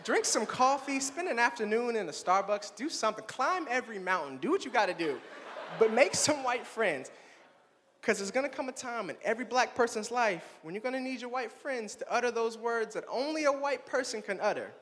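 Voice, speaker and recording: A man's voice: very high voice, brisk. A young man in his twenties performing a playful stand-up comedy set on stage and talking straight to the audience. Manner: animated, playful, addresses the audience directly. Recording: long hall reverb.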